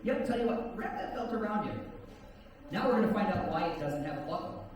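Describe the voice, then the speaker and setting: A man performing as a stage hypnotist, talking in slow soothing induction patter and teasing the volunteers between suggestions. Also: high voice, lively intonation. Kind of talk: live stage hypnosis show. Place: stage at a campground event. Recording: echoey hall, from far off, crowd audible. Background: audience laughing.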